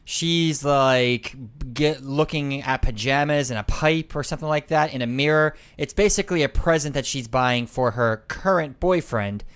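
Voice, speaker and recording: Smooth-voiced male podcast co-host. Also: mid-range voice, moderate pace, hardly any pauses, a bit bright. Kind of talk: casual chat.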